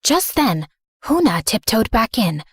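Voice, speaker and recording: A woman's voice: a little high, sing-song, measured pace, husky, dry recording, clean studio sound. Woman narrating a dramatic story. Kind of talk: scripted first-person story narration.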